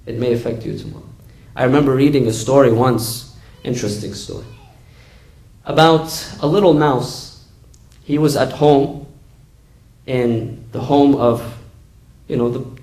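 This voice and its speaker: Male preacher, high voice, earnest, repeats himself for emphasis, sermon storytelling. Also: rough recording. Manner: earnest, repeats key phrases, rising for emphasis. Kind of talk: sermon with a told fable.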